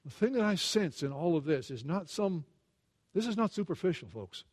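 An earnest man delivers a sermon with a fairly high voice. He restarts and repeats words as he thinks aloud. He climbs in pitch when he retells a story and sinks low and quiet for asides. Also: sing-song, normal speed. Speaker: preacher.

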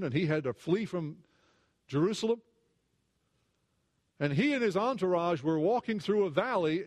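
Earnest higher-voiced male preacher. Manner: earnest, repeats words, rises when retelling and drops low for asides. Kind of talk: sermon.

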